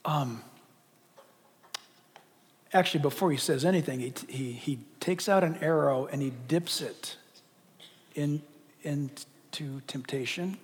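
A man preaching a sermon in a church, animated and direct, firing rhetorical questions at the congregation. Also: fairly high pitch, slow pace, pauses often. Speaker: pastor. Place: church hall. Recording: long hall reverb.

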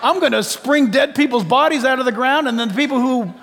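Preacher doing a triumphant, teasing male God, pitched very high, echoing in a big hall. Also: fairly quick, a bit bright, full character voice. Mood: gleeful. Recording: long reverb of a large hall.

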